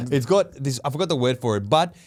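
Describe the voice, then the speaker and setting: Excitable young man, lively chatter. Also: mid-range voice. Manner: excitable, quick to laugh, eager to share facts. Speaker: podcast co-host. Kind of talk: casual chat.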